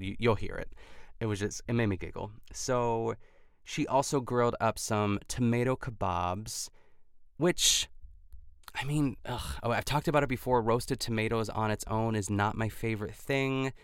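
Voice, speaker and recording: A man with a low voice talks over a close, dry podcast mic. His tone is smooth but gravelly, with frequent fry. He chats casually, packing his sentences with "like" and restarts. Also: dry recording. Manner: chatty, lots of "like" fillers and restarts. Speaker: podcast host. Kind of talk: casual recap chat.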